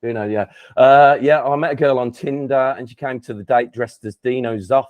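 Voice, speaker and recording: A man's voice: medium pitch, normal speed, no room sound, phone-quality sound. A man hosting an interview in a playful, teasing way with plenty of fillers, over a video call. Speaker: podcast host. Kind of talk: casual interview.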